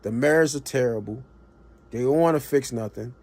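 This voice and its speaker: A man's voice: medium pitch, moderate pace, darkish tone. A man, streaming a blunt, colloquial political rant that rises to impassioned emphasis. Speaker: livestream commentator. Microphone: streaming mic.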